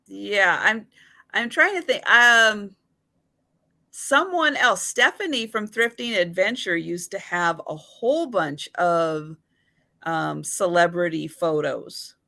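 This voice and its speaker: A woman's voice: medium pitch, animated, creaky, pushed and bright. A woman hosting a livestream sale of antique photos, describing each item thoughtfully. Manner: slow, thoughtful, describing items. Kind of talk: casual livestream chat.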